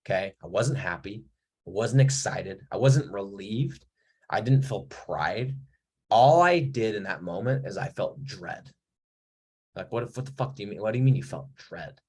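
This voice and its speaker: A man's voice: fairly low pitch, animated, moderate pace, a little mellow, breathy edge. A man in his thirties giving a blunt, profane motivational talk to his viewers, telling a story with rising emphasis. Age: 30s. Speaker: mentor. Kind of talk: casual motivational talk to camera.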